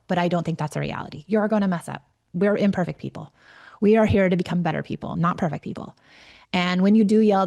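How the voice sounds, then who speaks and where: A middle-aged woman, a parenting coach, hosts her own podcast and speaks solo. Her voice sits on the low side, gravelly and a little mellow. She talks earnestly and directly, sometimes restarting her words.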